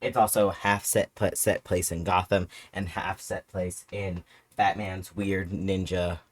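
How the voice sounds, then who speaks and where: A man giving a rapid, profane, sarcastic retelling as a casual film reviewer. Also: sits low, level tone, no echo. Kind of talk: casual commentary.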